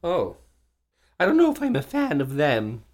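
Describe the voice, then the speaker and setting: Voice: mid-range voice, huge pitch swings, normal speed, a little mellow. A player in a tabletop role-playing game, curious and full of questions. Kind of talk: casual tabletop play.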